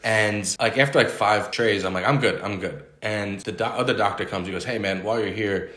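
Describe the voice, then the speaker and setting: Low-voiced New York man telling stories. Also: steady tone, fairly quick, pushed and bright. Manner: profane, rambling comic storytelling. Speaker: podcast host. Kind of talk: casual storytelling chat. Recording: echoey room.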